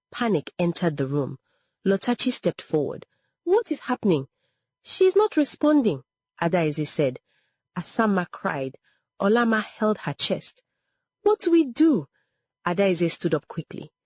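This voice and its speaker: A woman narrating a scripted story in a dramatic, measured way. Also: low voice, darkish tone, breathy edge, dry recording, clean studio sound.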